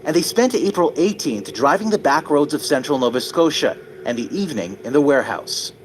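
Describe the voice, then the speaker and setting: A man narrating a true-crime documentary in a measured, dramatic scripted delivery. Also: on the high side, animated, slight background noise, poor audio.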